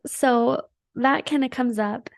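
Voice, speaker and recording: A woman's voice: fairly high pitch, takes it slowly, vocal fry, no room sound, studio quality. A woman hosting a podcast, telling a personal story in a chatty, earnest and emotional way, full of "like" fillers. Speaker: podcast host.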